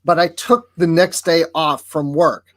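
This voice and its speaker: A man's voice: a little high, steady tone, measured pace, no echo, clean studio sound. A man appearing as a guest on a casual live discussion, playful and jokey.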